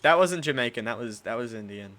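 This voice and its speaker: A man's voice: medium pitch, expressive, fast, sharp tone. A young man hosting a podcast, chatting casually with crude, rambling, self-correcting talk. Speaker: podcast host.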